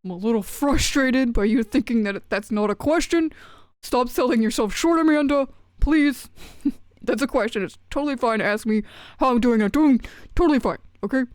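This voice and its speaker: A woman's voice: on the high side, moderate pace, no echo, clean studio sound, lightly acted. A woman streamer voicing a greedy, indignant male pet frog who complains in a whiny, huffy way. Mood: fussy. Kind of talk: streamer doing a character voice.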